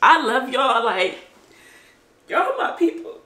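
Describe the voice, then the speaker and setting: A woman's voice: high-pitched, big pitch swings, slow, bright, forceful tone. A young woman vlogging to camera, emotional at first and then chatty and upbeat with her viewers. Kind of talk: emotional casual vlog talk to camera. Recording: echoey room.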